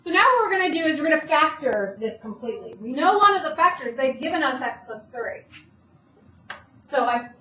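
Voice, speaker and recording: Woman teacher, high voice, brisk step-by-step classroom lecture, recorded from across an echoey room. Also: sing-song, bright, forceful tone, muffled recording. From Italian heritage. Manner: brisk, talks students through steps with questions. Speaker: math teacher. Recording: echoey classroom, voice from far off, faint hum.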